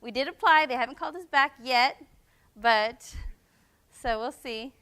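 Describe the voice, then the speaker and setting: A woman's voice: high-pitched, unhurried, bright, forceful tone, smooth. A middle-aged mother speaking casually and sentimentally at a public question-and-answer talk, with chatty asides. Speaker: mother and business co-founder.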